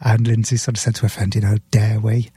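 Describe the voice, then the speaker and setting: A man with a mellow, husky voice retells a story in earnest as a podcast guest. The sound is dry and close, with no room echo. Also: lowish voice, flat delivery, racing. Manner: sipping beer while talking. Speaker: author guest. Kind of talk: podcast conversation.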